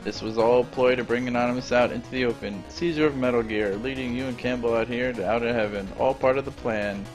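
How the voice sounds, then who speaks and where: Brief: a man reading a vengeful, scheming commander from a retro game, mid-pitched and plain, faint game music behind. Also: fast, few pauses, lightly acted, poor audio. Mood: menacing. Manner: reads villain dialogue aloud flatly.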